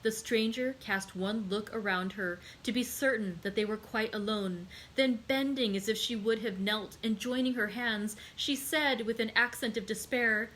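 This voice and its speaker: A woman hosting a library read-aloud, narrating a classic novel in a steady, unhurried way. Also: medium pitch, a little hiss or hum, low-quality recording.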